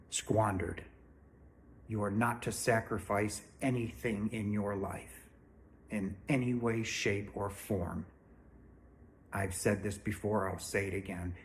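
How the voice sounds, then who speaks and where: A man with a low voice speaks straight to his viewers about spiritual matters. He is blunt and emphatic, with no-nonsense conviction. A faint room hum sits under his voice. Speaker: spiritual channel host. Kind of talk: direct-to-camera spiritual talk. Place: home, indoors.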